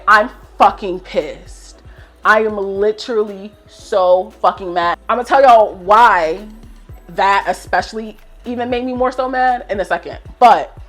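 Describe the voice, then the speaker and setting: A young woman in her twenties telling a storytime rant to her viewers, swearing and fired up as she vents. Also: mid-range voice. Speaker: vlogger.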